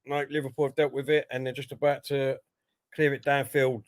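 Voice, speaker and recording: A man co-hosting a football stream, giving casual live match commentary and getting excited as play unfolds. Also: fairly quick, no room sound. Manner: excitable, jumps up in pitch when play gets lively.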